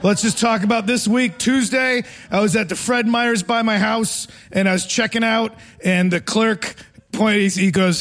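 High-pitched rambling stand-up man. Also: steady tone, moderate pace, fairly bright tone. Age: 40s. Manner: rambling, self-mocking, laughs through lines. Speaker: stand-up comedian. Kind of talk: live stand-up set. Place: theater stage before a live audience.

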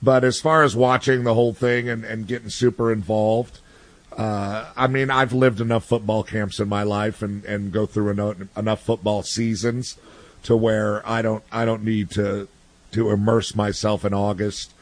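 A man's voice: on the low side, level tone, normal speed, dry recording. Blunt rambling man, dry close sound. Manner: blunt, ranting, many restarts and fillers. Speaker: sports commentator guest. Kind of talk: casual opinion talk.

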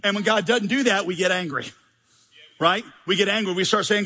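A man's voice: sits high, brisk, bright, forceful tone, husky, long reverb tail. A male pastor preaching a sermon in a conversational, humorous, emphatic way with many rhetorical questions.

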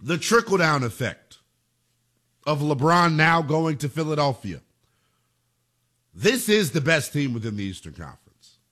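Animated, bright-voiced sports radio host. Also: male voice, a little high. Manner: animated, emphatic, preachy. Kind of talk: sports talk radio monologue.

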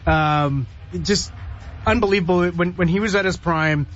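A man's voice: high-pitched, moderate pace, a bit bright, lo-fi sound. A man co-hosting a casual hockey chat, enthusiastic and repeating words as he starts. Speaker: co-host asking questions.

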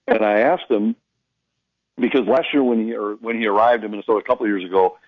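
A man's voice: fairly low pitch, quick pace, no room sound, phone-quality sound. A man, a hockey announcer, telling stories in a casual radio chat and acting out the voices of the people he quotes. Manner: storytelling, animated quoting of others.

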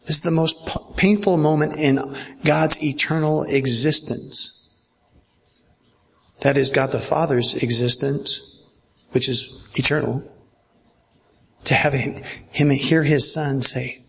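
A man's voice: fairly high pitch, steady tone, takes it slowly, creaky, pauses often, a little hiss or hum. A man preaching a sermon as pastor, emphatic and repetitive, checking that listeners follow along. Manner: emphatic, repeats phrases, asks listeners if they follow. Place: church.

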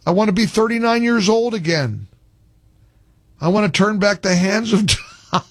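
Animated older male radio host. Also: sits high, moderate pace, no room sound. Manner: animated, exasperated, joking. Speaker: radio talk show host. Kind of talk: call-in radio talk.

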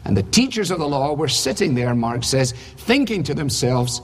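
A man's voice: fairly high pitch, very animated, a little fast, hardly any pauses. A man preaching a sermon, emphatic, with rhetorical questions and dry humor. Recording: husky voice in reverberant hall.

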